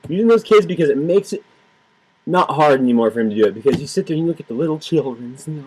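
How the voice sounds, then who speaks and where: A man's voice: on the high side, animated, fast talker, a little mellow, slight background noise, low-quality recording. A man giving heated, sarcastic political commentary, repeating himself and swearing freely. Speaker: political vlogger. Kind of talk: ranting political commentary to camera.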